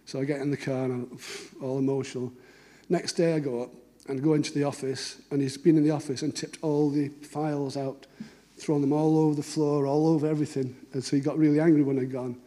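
A man's voice: fairly high pitch, little pitch movement, a little fast, mellow. A middle-aged man, telling family stories in a conversational talk and acting out the dialogue. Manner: conversational, anecdotal, acts out dialogue. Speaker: cartoonist giving a talk. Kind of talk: storytelling talk.

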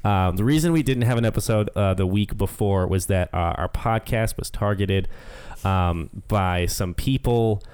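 A man's voice: fairly low pitch, moderate pace, few pauses, darkish tone, clear, resonant tone. A young man hosting a podcast, talking casually and a little hesitantly, with many fillers and frequent laughs. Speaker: podcast host. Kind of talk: casual chat.

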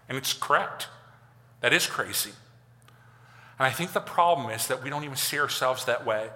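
A pastor giving a conversational, animated sermon, acting out quotes as he goes. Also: a little high. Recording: long hall reverb.

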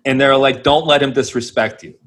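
Man, podcast co-host, casual storytelling, rambling, self-mocking, chuckling, raspy edge. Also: mid-range voice, steady tone, a little fast, fairly bright tone.

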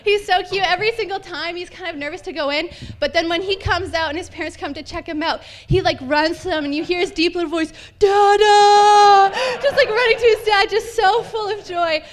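Woman pastor, high voice, young adult, bubbly, chatty sermon. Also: a little fast, few pauses, fairly bright tone. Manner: bubbly, upbeat, chatty with many "like"s.

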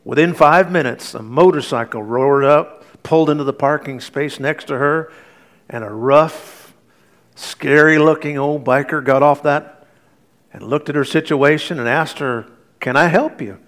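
A middle-aged male pastor preaching a sermon, telling stories with earnest warmth and light humor, then leading a prayer. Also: on the high side, unhurried.

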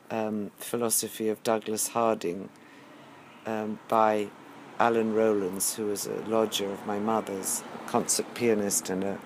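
A middle-aged man musing aloud in a slow, hesitant monologue with many pauses and ums. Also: on the low side, darkish tone, slight background noise. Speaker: teacher. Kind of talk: reflective spoken monologue.

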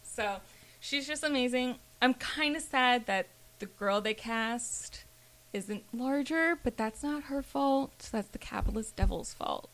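A young woman hosting a casual podcast chat, talking in an animated way and swearing casually. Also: a little high, a little slow. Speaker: podcast host.

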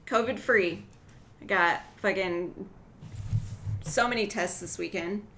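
A woman co-hosting a podcast in casual chat, telling animated stories full of "like" and swearing. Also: medium pitch, slow, slight background noise. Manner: animated storyteller, lots of "like", swearing. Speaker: podcast co-host.

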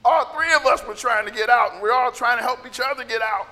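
A man preaching a sermon as pastor, with a scratchy, gravelly voice and impassioned bursts of shouting. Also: extremely high pitch, quick pace. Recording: echoey hall reverb.

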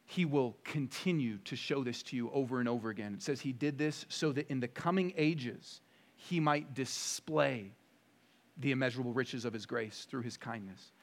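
A man preaching a sermon as pastor, emphatic and full of rhetorical questions, moving between quiet stretches and loud bursts. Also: mid-range voice, moderate pace.

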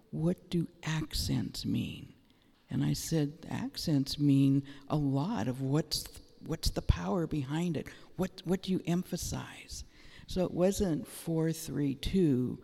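Slow, emphatic man delivering a prophetic word, dark gravelly voice, echoey room. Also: fairly high pitch. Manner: emphatic and repetitive. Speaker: prayer minister. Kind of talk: prophetic word at a prayer meeting. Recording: echoey room with long reverb.

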